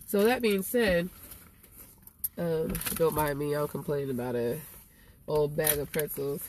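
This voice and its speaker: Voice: mid-range voice, unhurried, pauses often, darkish tone, slight background noise. A vlogger with a stuffy nose from allergies, talking outdoors in a rambling, musing, philosophical way. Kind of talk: casual vlog monologue. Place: outdoors near flowers and a car.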